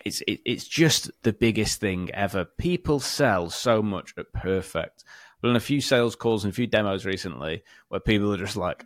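A man co-hosting a podcast, explaining points in a measured, casual way. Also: lowish voice, lively intonation, dry recording, studio quality. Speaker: podcast co-host. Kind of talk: casual sales podcast chat.

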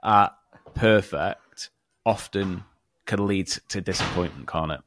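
Low-voiced podcast co-host. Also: male voice, slow pace, fairly bright tone, slight background noise. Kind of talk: casual sales podcast chat.

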